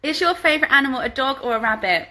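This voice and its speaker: A woman's voice: sits high, lively intonation, fast, bright, forceful tone, low-quality recording. A woman at home answering viewer questions in a casual livestream, reading each question aloud and then replying in a chatty way. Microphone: phone livestream.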